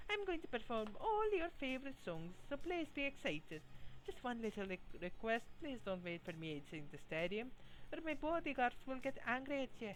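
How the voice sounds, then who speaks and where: A streamer voicing a young female cyber idol in a put-on, deliberately bad Scottish accent while reading game dialogue aloud. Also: big pitch swings, slight background noise, close to an everyday voice, low-quality recording. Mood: bubbly. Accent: put-on Scottish, done badly. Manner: high, sing-song idol chatter.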